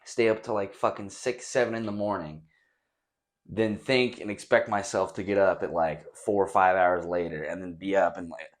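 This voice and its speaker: A man's voice: low voice, steady tone, moderate pace. A young man hosting a casual solo podcast, rambling and swearing freely in a near-empty, echoey bedroom, recorded on a camera set some distance away. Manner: profane, rambling, laid-back. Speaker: podcast host. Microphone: camera set on a stack of drawers some distance away.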